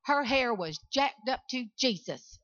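A woman from South Carolina with a Southern accent gives an animated motivational speech to students and keeps calling out to the audience. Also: sits high, measured pace, dull audio, a little hiss or hum. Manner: animated storytelling, calls out to the audience. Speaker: motivational speaker.

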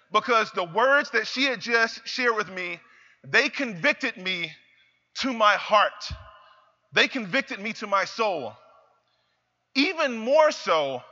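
A young man giving an emphatic motivational speech, repeating phrases and building up to shouts. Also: sits high. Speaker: motivational speaker. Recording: reverberant hall, slightly dull sound.

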